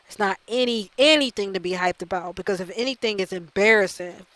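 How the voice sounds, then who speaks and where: A woman rants into a close mic about a video game, exasperated and swearing freely. She circles back and hammers the same points again and again. Her voice sits at a middling pitch, and the recording is dry, with no room sound. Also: a little fast, a bit bright, no echo, poor audio. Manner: exasperated, profane, repeats herself. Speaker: gaming channel host. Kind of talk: ranting video commentary.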